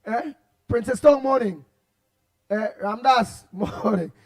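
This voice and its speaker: Trinidadian male radio host, very high pitch, animated and rambling. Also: takes it slowly. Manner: animated, repetitive, laughs often, loud outbursts. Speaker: radio talk show host. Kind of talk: casual radio chat reading listener comments.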